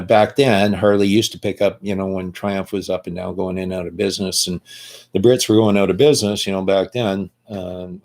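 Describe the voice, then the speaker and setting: Older man, low husky voice, blunt and foul-mouthed, rambling casual monologue. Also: a little mellow. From Canada.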